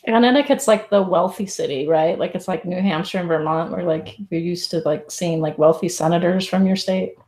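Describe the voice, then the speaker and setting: A woman's voice: lowish voice, a little fast, hardly any pauses, darkish tone. Chatty Californian woman, echoey room. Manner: chatty, lots of "like", upswing endings. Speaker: stream host. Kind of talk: casual live-stream chat.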